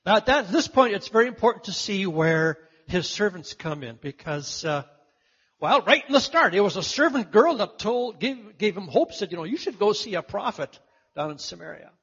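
A lively, high-voiced man preaches a sermon and leans into acting out the story's voices. His voice rises and falls a lot, slightly husky. The sound is muffled, with a long hall echo behind him. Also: moderate pace.

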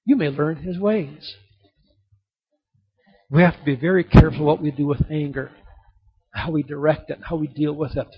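A man's voice: a little high, fairly even intonation, moderate pace, pauses often, husky. A man preaching a sermon, telling a story and repeating key points for emphasis, in a dull lo-fi recording. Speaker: pastor.

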